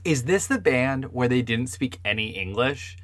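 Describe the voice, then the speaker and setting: Low-voiced guy cohosting, bright n really animated, jokey, dry mic. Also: moderate pace, no room sound. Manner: playful, jokey, does silly bits. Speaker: podcast co-host. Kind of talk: casual chat.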